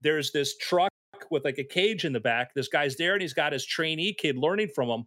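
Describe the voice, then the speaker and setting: A man telling stories in casual chat, animated and acting out the voices of people in them. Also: fairly high pitch, moderate pace.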